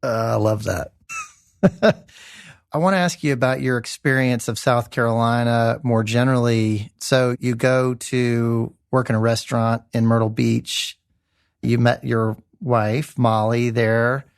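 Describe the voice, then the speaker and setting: A man hosting a podcast, reading segues and asking questions in a measured way. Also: mid-range voice, steady tone, creaky, dry recording, clean studio sound. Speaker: podcast host. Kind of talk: interview and scripted segues.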